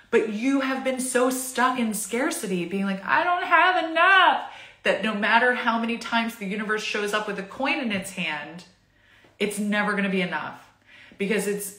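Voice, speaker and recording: Bright, bubbly woman reading tarot. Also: mid-range voice, reverberant. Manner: bubbly and chatty, laughing often. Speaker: tarot reader. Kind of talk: casual tarot reading to camera.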